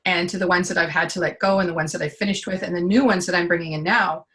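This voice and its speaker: A woman giving a client testimonial in casual conversation, chatty and animated as she tells her stories. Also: on the low side, fast.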